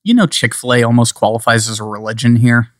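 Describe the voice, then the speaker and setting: Male podcast co-host, casual and joking, rambling delivery, mid-pitched, dry close mic. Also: fast, no room sound. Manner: joking, rambling, slips into playful accents. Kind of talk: casual chat.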